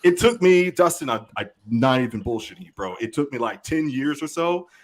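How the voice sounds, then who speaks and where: A man in an easygoing podcast chat, joking around and swearing freely. He talks at a middling pitch for a man. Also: animated, a little fast. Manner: loose, profane, jokey banter. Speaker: podcast co-host. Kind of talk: casual chat.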